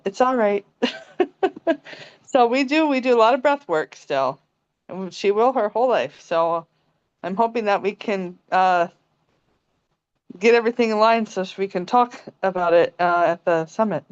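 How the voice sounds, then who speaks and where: A young woman calmly sharing a personal story on a video call, soft-spoken and quick to laugh. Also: medium pitch, clear, resonant tone, no room sound. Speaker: meditation group participant. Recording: dry, dull lo-fi call audio.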